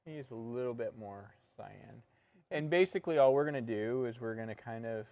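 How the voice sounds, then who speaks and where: A man co-hosting a painting tutorial, talking through each step in a relaxed, joking way. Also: medium pitch. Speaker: painting instructor and co-host.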